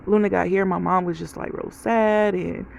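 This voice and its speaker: A woman's voice: mid-range voice, steady tone, moderate pace, vocal fry, darkish tone, slight background noise, low-quality recording. A woman vlogger giving a casual life update, telling stories straight to her viewers. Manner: chatty storytelling, talks straight to viewers.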